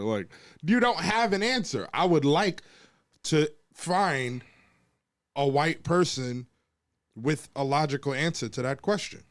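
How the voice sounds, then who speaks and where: A man's voice: fairly high pitch, lively intonation, a little slow, no echo, studio quality. A man co-hosting a podcast, ranting in heated, profane casual talk and mimicking the people he quotes. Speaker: podcast co-host. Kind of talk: casual debate and storytelling.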